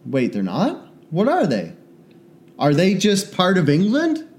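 A man with a fairly high voice co-hosts a podcast in loose, comedic chat. He jokes around and rambles from one thought to the next. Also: huge pitch swings, measured pace, darkish tone. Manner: joking, rambling, puts on bad British accents. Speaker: podcast co-host.

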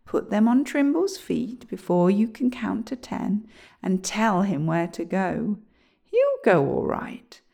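A kindly cloud giant from a storybook, speaking slowly and softly, half in a whisper, as a woman puts him on. His voice is mellow with a gravelly edge. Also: medium pitch, big pitch swings, full character voice.

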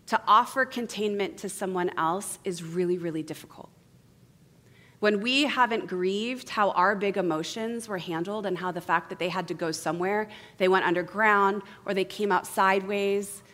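A woman giving a sermon as guest preacher, earnest and conversational, asking her listeners many questions and tagging points with a quick "right?". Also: medium pitch. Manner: intimate, asks the congregation many questions; earnest, swings between soft and emphatic.

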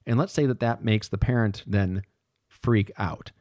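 A man's voice: lowish voice, measured pace, darkish tone, no echo, clean studio sound. Casual, self-correcting male lecturer. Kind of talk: podcast lecture.

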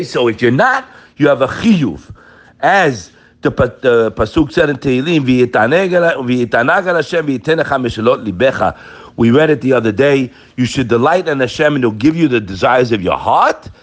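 Man, Torah teacher, emphatic daily sermon, slightly high voice, wide lively pitch swings, Hebrew quotes in English talk. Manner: animated, emphatic, addresses listeners as "guys".

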